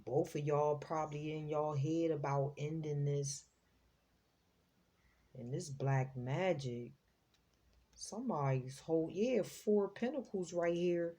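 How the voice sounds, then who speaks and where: Female tarot host, low mellow voice, casual and slangy, exclaims freely. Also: slow pace. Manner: chatty, slangy, exclaims as she reads the cards. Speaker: psychic tarot reader, host.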